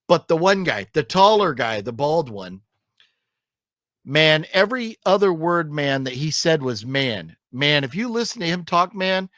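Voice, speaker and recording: A man's voice: a little high, very animated, a little slow, a bit bright, no room sound, studio quality. A man co-hosting a casual film review chat, rambling with lots of fillers and restarts and griping emphatically. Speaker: co-host reviewing films.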